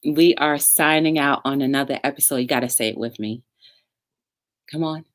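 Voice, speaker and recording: A woman hosting a casual online interview show, speaking in an encouraging, unhurried way with plenty of "um"s. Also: a bass voice, no room sound, studio quality. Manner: encouraging, filler-heavy, drawn-out phrasing. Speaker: talk show host.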